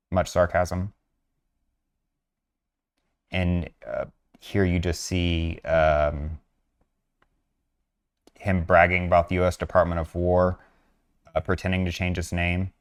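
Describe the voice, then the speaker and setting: A man with a deep, even voice that stays low and barely rises or falls. He talks in an earnest, measured way, pausing often on "uh" and "um" as he walks through posts on screen. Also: clean tone. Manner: earnest, measured, with frequent fillers. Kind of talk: narrated screen walkthrough.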